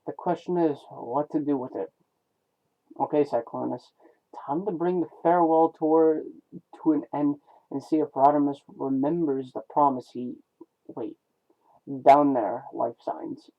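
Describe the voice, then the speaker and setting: A man reading a comic aloud, voicing a weary male robot warrior who reflects on his lost home in a slow, solemn way. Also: a little high. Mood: pensive. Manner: solemn, slow, stumbling over names. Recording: tinny phone-like lo-fi sound.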